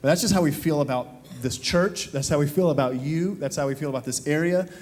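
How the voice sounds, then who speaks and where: A man's voice: fairly high pitch, fast talker, darkish tone. Southern guy pastor talking casual onstage, lots of ums, big echoey church. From Alabama, US South. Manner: friendly, conversational with many fillers. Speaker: campus pastor. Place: church sanctuary. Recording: long hall reverb.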